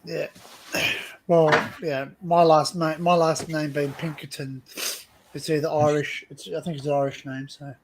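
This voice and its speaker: A man's voice: on the high side, level tone, unhurried, darkish tone, slight background noise. An Australian man hosting a casual livestream chat, rambling and laughing often, repeating words as he talks. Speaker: livestream host.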